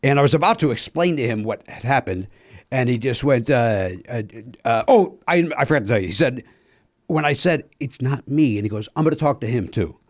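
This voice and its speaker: A man's voice: medium pitch, brisk, no echo, clean studio sound. A man hosting a podcast, telling a story in casual chat, acting out the dialogue and swearing. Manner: animated, acts out quoted dialogue, swears. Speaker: podcast host.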